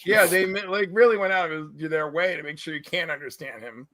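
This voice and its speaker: Animated high-voiced man telling stories. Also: a little fast, no room sound. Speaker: panel guest. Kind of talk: casual panel chat.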